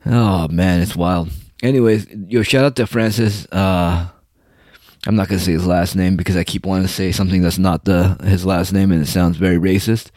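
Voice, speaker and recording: A man's voice: sits low, fairly even intonation, normal speed, darkish tone, no echo, clean studio sound. A young man from the United States delivering a rambling, profane, mocking monologue in casual chat.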